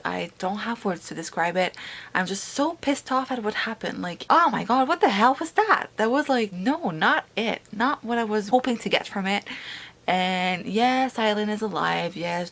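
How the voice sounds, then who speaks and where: A young woman chatting in a casual reading vlog, animated and full of filler words. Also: mid-range voice, gravelly. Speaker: book vlogger.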